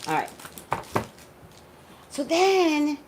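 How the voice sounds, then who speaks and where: A woman's voice: sits high, very slow, a little hiss or hum, rough recording. A woman working as a psychic tarot reader, chatting casually and emphatically to her viewers, saying "like" a lot. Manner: chatty, animated, says "like" a lot. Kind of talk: casual chat to camera.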